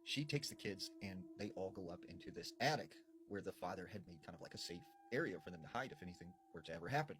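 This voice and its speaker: A man narrating a spooky folklore story, drawing out suspense with dramatic pauses and casual fillers. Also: deep voice, lively intonation, fairly bright tone, slight background noise.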